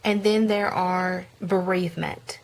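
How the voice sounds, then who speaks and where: A woman's voice: on the low side, fairly even intonation, slow pace, poor audio. Chatty woman showing her prayer journal. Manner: chatty, with frequent ums and self-corrections. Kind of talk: casual show-and-tell vlog.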